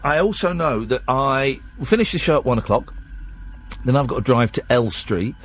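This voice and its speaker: A man's voice: medium pitch, animated, moderate pace, breathy edge. A tired man, hosting a late-night radio show in a rambling, chatty, self-deprecating way.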